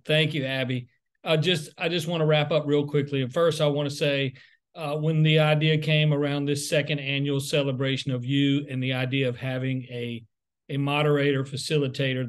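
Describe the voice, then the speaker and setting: A middle-aged man, the CEO, giving casual, rambling thank-you remarks on a video call, often repeating words as he goes. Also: mid-range voice. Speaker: CEO closing a webcast.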